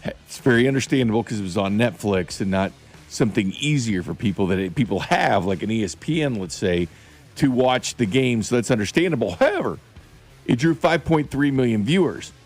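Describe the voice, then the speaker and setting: A man's voice: mid-range voice, lively intonation, a little fast, soft background music. A man co-hosting a sports radio show, reading sports news in a dry, matter-of-fact way. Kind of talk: casual sports radio banter.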